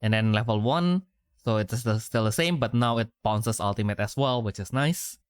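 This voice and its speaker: A man co-hosting a casual gaming podcast, reading card effects out loud in a halting way, with many fillers and self-corrections. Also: on the low side, clean tone, dry recording, clean studio sound. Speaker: podcast co-host.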